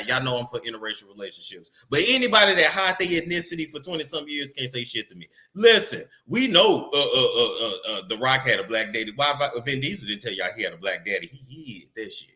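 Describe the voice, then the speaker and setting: Brash, very bright-voiced gossip host. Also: male voice, on the high side. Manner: brash, profane, sarcastic; playful sing-song repetition. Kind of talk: casual rant to camera.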